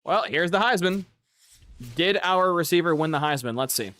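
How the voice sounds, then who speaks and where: A man's voice: sits high, expressive, normal speed, fairly bright tone, no room sound. Profane young man ranting on stream. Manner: rambling, profane, exasperated ranting. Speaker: gaming streamer. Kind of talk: casual livestream chat.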